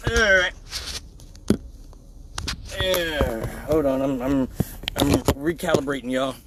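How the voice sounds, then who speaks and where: A man's voice: mid-range voice, slow, heavy background noise. A man hosting a crude comedic live stream at home, joking in a mock-serious preaching way. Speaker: live show host.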